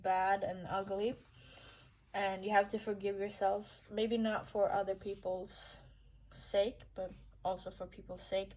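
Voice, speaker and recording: A woman's voice: medium pitch, darkish tone, a little hiss or hum, poor audio. Blunt, rambling woman reading oracle cards. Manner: rambling, blunt, swears casually. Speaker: oracle card reader. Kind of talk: casual intuitive card reading.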